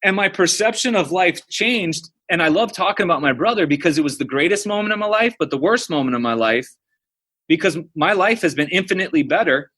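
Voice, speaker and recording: Casually recounting personal stories on a podcast, this American man in his thirties leans on "like" and "dude." His high-pitched voice is expressive, fairly quick, fairly bright and husky.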